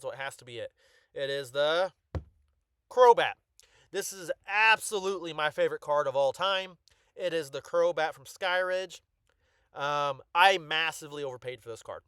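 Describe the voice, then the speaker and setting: A man chatting casually through a showcase of his card collection, full of ums and restarts and excited bursts. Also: a little high, no room sound, studio quality.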